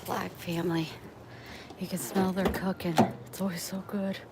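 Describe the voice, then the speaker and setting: A woman's voice: on the low side, flat delivery, normal speed. A woman vlogging on a phone while walking outdoors, chatting to her viewers in a meandering, easily sidetracked way. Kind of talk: rambling livestream chat. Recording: outdoor street noise with traffic. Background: outdoor ambience and passing vehicles.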